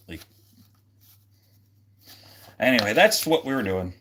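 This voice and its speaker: A man's voice: medium pitch, animated, a little slow, long pauses, a bit bright. Rambling man chatting on a livestream. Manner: rambling, many fillers and restarts; jokey, goofy. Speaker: livestream host. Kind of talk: casual livestream chat.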